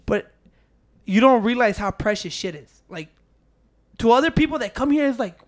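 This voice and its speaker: A man's voice: very high voice, animated, normal speed. Young man, loose profane chatter. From Chicago. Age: young adult. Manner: loose, profane, says "dude" and "bro" a lot. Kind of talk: casual chat.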